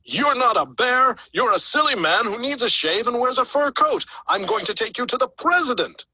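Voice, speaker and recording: A man voicing a bossy, blustering male factory boss who talks loudly and indignantly in a storybook video. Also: wildly swooping pitch, brisk, breathy edge, no echo, exaggerated voice, poor audio. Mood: angry. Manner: loud, high and indignant.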